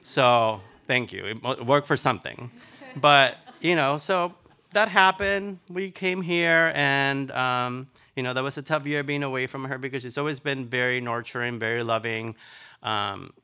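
A middle-aged man from Nicaragua telling his life story in an interview, chatty and animated, with lots of fillers. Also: medium pitch, unhurried, clear, resonant tone. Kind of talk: personal storytelling.

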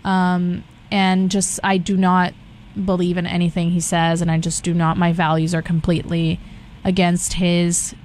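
A woman's voice: on the low side, completely flat delivery, moderate pace, darkish tone, slight background noise. Chatty young woman with many fillers. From Brazil. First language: Portuguese. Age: young adult. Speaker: guest. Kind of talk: casual chat.

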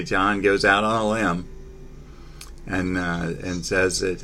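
Deep-voiced man in halting sports chat. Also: flat delivery, bright, forceful tone, a little hiss or hum. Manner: halting, many fillers and restarts. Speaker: sports talk host.

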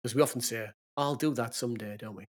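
A man co-hosting a podcast in casual chat, chatty and friendly and quick to laugh. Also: medium pitch. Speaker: podcast co-host.

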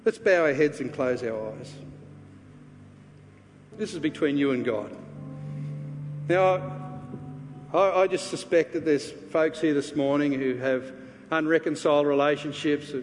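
A man preaching a sermon, earnestly telling a personal story and then leading a quiet prayer. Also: on the high side, unhurried, long pauses, noisy background. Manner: earnest, confessional, drops to a hushed voice for prayer. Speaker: pastor. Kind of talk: sermon with personal testimony and altar call. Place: church sanctuary. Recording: reverberant church hall with faint ambience.

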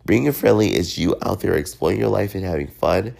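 A man's voice: low voice, expressive, fairly quick, creaky, darkish tone. A man hosting his own podcast, talking in a loose, rambling solo rant while congested, sick and drunk. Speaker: podcast host.

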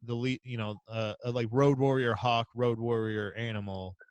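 A man's voice: mid-range voice, normal speed, no room sound. Rambling, swearing male podcast host. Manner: rambling, profane, animated storytelling. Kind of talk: casual chat.

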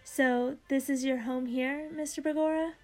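A woman's voice: high-pitched, fairly even intonation, normal speed, darkish tone, faint music behind, lightly acted, rough recording. A woman reading aloud as a polite, cheerful male cartoon mouse. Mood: friendly. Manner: courteous and cheerful.

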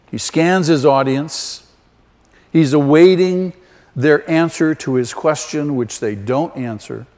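A man preaching a sermon slowly and emphatically, with sudden loud rises for stress. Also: medium pitch. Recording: long hall reverb.

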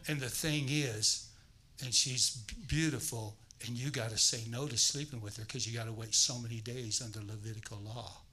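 Bright-voiced, animated male preacher. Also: medium pitch, moderate pace, slightly rough, poor audio. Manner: animated storytelling, acting out voices. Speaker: guest preacher. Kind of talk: sermon.

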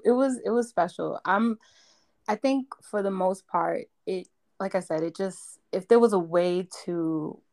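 A woman from Brooklyn, a podcast guest, excitedly retelling a story with emphatic repetitions. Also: lowish voice. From Brooklyn, New York. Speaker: interview guest. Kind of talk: casual storytelling.

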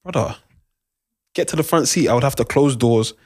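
A man's voice: mid-range voice, normal speed. A young man, animatedly telling a long story in casual chat and using lots of slang. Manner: animated, repeats "do you understand", London slang.

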